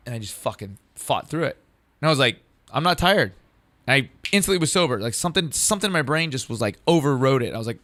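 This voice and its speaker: Gravelly man, thirties, casual profane storytelling, acts out dialogue, dry close sound. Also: mid-range voice, fairly bright tone, no echo. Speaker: comedian guest.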